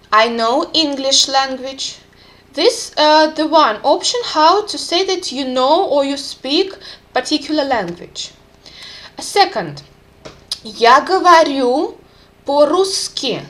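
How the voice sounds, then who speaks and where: Slow-speaking woman teaching vocabulary. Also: high-pitched, fairly bright tone. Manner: careful, clear pronunciation with repeated examples. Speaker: language teacher.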